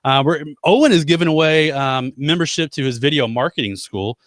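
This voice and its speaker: Joking about himself as he chats with his co-host, an American man rambles on a casual live web show. His voice sits a little high, fairly bright and expressive, with a fairly quick pace and no echo.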